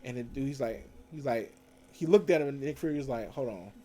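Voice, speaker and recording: Chatty man with a mellow voice. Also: mid-range voice, fairly quick. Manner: animated, slangy retelling with many fillers and self-corrections. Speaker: TV show reviewer. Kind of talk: casual recap with acted quotes.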